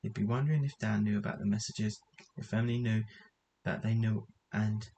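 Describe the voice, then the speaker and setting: A man narrates a story aloud in a low, even voice that barely rises or falls. He trips over words now and then and goes back to fix them, with a faint hiss in the background. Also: a little fast, creaky, rough recording. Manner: reads with frequent stumbles and self-corrections.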